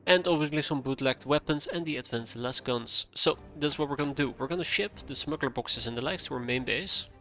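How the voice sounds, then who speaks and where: A man streaming a strategy game live, chatting casually to himself as he plays, with quick asides. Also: mid-range voice, pushed and bright. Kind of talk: casual live gameplay commentary. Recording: faint game music behind.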